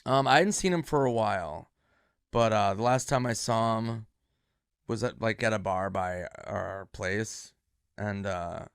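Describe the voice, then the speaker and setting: A comedian telling backstage stories in a loose, rambling way, swearing freely. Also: male voice, on the low side, a little slow, clean tone, dry recording, clean studio sound. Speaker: comedian guest. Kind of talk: casual anecdote telling.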